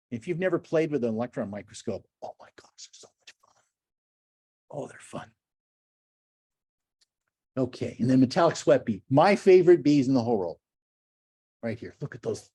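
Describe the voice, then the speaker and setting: An older man giving a lively, enthusiastic slide lecture to a club, full of chatty asides and gushing praise. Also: on the high side, no echo, studio quality. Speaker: naturalist lecturer.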